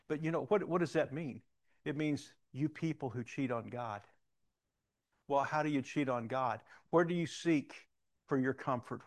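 A middle-aged man preaching a sermon, telling personal stories and moving between loud emphatic questions and quiet reflective moments. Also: mid-range voice. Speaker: pastor.

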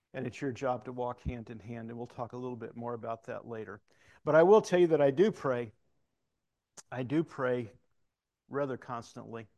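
In a church, a man with a medium-pitched voice preaches a sermon in a folksy, conversational style. He tells a story, then moves into prayer in a hushed, slow voice.

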